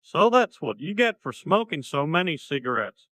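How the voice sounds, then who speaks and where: A synthetic man's voice playing a gruff, blunt middle-aged small-town dad in a parody cartoon. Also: fairly high pitch, very animated, moderate pace, a bit bright. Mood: plain. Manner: blunt, plain-spoken.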